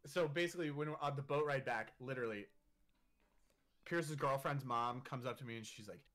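A man's voice: medium pitch, fairly quick, fairly bright tone. A man in his twenties, a podcast guest telling a story in casual, profane talk full of filler words and laughing through the funny parts.

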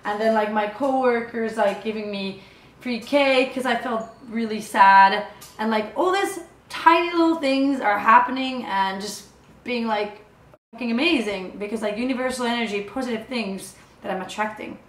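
A young woman vlogs about her travels in a casual, chatty way, full of filler "like"s and acted-out quoted dialogue. Her voice is fairly high at a moderate pace, recorded in an echoey room.

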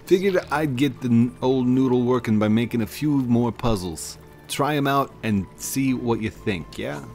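A man's voice: mid-range voice, lively intonation, moderate pace, darkish tone, soft background music, pitched above the performer's own voice, lightly acted. A man voicing a brash male puzzle-building game character with a put-on Boston accent and streetwise banter. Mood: cocky.

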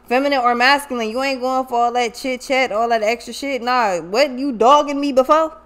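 A woman's voice: on the high side, moderate pace, hardly any pauses, fairly bright tone. A woman giving a casual tarot reading monologue, blunt and profane, who talks emphatically and often repeats her words. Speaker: tarot reader.

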